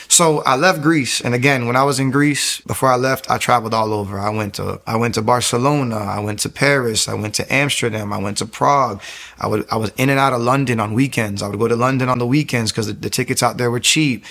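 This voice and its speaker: A young man tells his own testimony in a loose, animated ramble. His pitch sits in the middle range, and he keeps restarting his sentences as he goes. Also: quick pace, creaky. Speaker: testimony speaker. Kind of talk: personal testimony.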